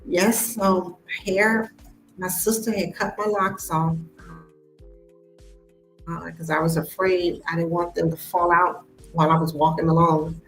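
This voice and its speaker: An American woman telling a personal story in a casual, animated way, acting out the voices of people she quotes. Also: lowish voice, unhurried, pauses often, echoey room, soft background music, rough recording. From United States. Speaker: host of a live stream.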